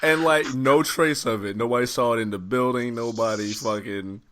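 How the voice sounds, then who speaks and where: A man co-hosting a podcast, reacting with loud laughter and profane disbelief in casual chat. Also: mid-range voice, moderate pace. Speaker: podcast co-host.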